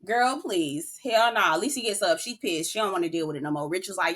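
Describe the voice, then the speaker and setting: A woman recapping a reality show in a sassy, animated way, cussing freely and calling her listeners "girl.". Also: medium pitch, fairly quick, breathy edge.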